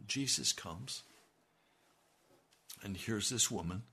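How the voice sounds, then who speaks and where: A man's voice: lowish voice, takes it slowly, bright, forceful tone, husky. A man preaching a sermon as pastor, with emphatic delivery that swells on key lines.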